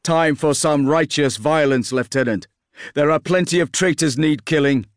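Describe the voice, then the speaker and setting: A man's voice: on the high side, moderate pace, dry recording, clean studio sound, voice pushed up, lightly acted. A man voicing a proud, eager male warrior who speaks with confident relish about the coming fight.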